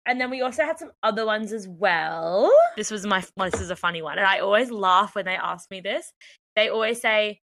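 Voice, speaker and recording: A woman's voice: medium pitch, brisk, fairly bright tone, a little hiss or hum. A young Australian woman co-hosting a podcast in casual chat, laughing often, swearing and acting out the people she quotes. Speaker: podcast co-host.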